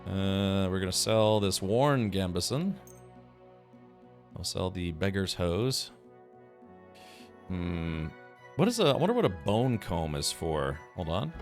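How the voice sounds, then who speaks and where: A man's voice: medium pitch, big pitch swings, takes it slowly, pauses often. A man chatting casually while he streams a game, musing aloud with many fillers. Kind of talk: casual gameplay commentary. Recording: faint game music behind.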